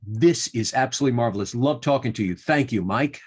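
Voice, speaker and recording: Male host asking questions, keen, trips over words, kinda husky voice. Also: mid-range voice, a little fast. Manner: enthusiastic, stammering repeats. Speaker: interview host. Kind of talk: casual interview.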